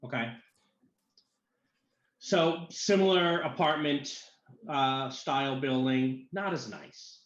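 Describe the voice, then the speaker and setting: A man runs a tabletop game, pausing often over his words. His voice has a dull, lo-fi tone. It echoes in a roomy space. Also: medium pitch. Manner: halting, with many fillers. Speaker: game master. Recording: echoey room, dull lo-fi sound.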